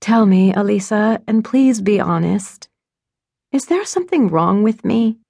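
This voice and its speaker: A woman's voice: medium pitch, expressive, a little slow, creaky, dark tone, husky, dry recording, clean studio sound, pitched above the performer's own voice, exaggerated voice. A woman voicing an anxious young woman who sells jewelry, earnest and putting on forced cheer, in an audiobook.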